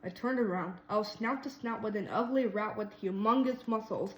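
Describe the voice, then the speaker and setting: A woman reading a children's storybook aloud in a lively way, doing voices for the mouse characters. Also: mid-range voice, normal speed, echoey room, low-quality recording. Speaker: reader.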